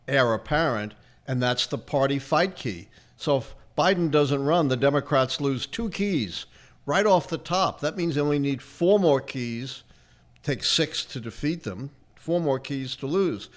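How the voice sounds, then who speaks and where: A man's voice: mid-range voice, a little slow. An older man with a Brooklyn accent, giving emphatic, lecturing political analysis on a livestream. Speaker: political historian guest answering questions.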